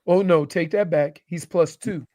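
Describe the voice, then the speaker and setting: A man on a sports radio show reading golf scores off a leaderboard, pausing often with fillers. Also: on the high side, mellow. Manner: halting, with fillers as he reads a leaderboard. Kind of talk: casual sports radio banter. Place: radio studio.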